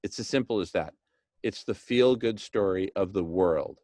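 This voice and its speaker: A man talking with enthusiasm, pitching a plan and acting out little scenes, with "right?" thrown in often. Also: moderate pace, dark tone, no echo. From Hispanic background, speaks Spanish. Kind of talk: animated monologue.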